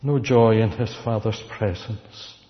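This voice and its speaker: Slow deliberate male preacher. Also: lowish voice. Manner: slow, deliberate, repeating key words. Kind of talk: sermon. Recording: dull recording with long hall reverb.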